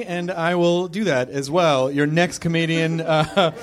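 A man hosting a comedy night, introducing the next act in halting, self-amused bits full of ums and uhs. His voice sits a touch high and moves around a lot. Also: animated. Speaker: show host.

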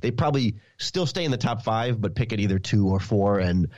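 Male guest, casual sports talk, low voice, dull dry lo-fi audio. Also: animated, a little fast, darkish tone, no echo. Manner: talkative, repeats words as he thinks. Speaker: podcast guest.

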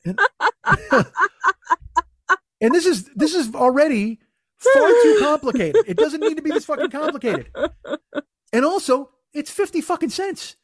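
A man's voice: very high-pitched, sing-song, measured pace, pauses often, no room sound, studio quality. A man telling a profane, exasperated comic story as a podcast co-host, mocking himself as he goes. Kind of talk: comedic storytelling rant.

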